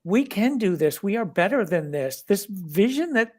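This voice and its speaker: A woman on a political podcast, speaking sincerely and a little haltingly, with restarts. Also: mid-range voice, big pitch swings, darkish tone. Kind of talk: casual political podcast chat.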